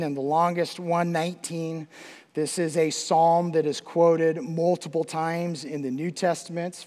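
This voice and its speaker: Slow, emphatic man preaching in a reverberant church. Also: a little high. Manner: emphatic preaching, drops to a hush on quoted verses. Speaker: pastor. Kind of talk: sermon. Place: church sanctuary. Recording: long hall reverb.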